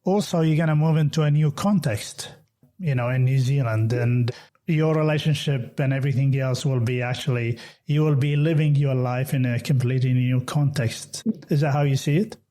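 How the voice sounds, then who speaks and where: A man's voice: medium pitch, moderate pace, warm tone. A man from an Arabic-speaking country hosting a podcast, talking hesitantly and repeating words as he goes. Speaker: podcast host. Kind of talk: conversational interview.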